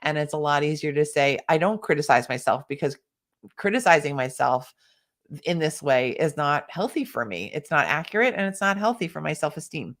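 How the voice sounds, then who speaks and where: A woman's voice: deep voice, lively intonation, moderate pace, a bit bright. A woman leading a live online workshop, speaking encouragingly to participants and stopping now and then to cough and sip tea. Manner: encouraging, reads chat comments aloud. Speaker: workshop coach.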